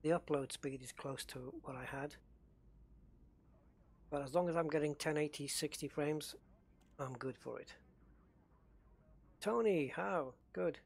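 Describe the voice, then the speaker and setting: A man's voice: a little high, a little slow, vocal fry, long pauses, husky. A man chatting casually while streaming a space game, greeting viewers by name and thinking aloud. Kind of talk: casual live-stream chat.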